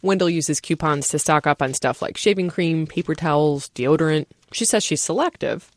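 A woman radio reporter narrating a news feature in a brisk, wry way. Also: deep voice, dry recording, studio quality.

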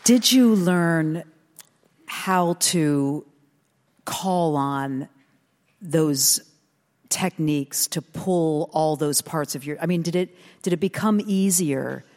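A woman interviewer asking a slow, halting question. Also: low-pitched, a little mellow, in a large hall, a faint crowd.

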